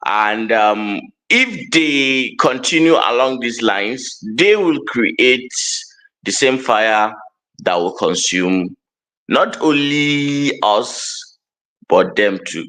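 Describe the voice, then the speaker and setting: A man, a guest on a live talk show, explaining his views haltingly with many pauses and restarts. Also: mid-range voice, lively intonation, pushed and bright, poor audio. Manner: hesitant, many fillers and restarts.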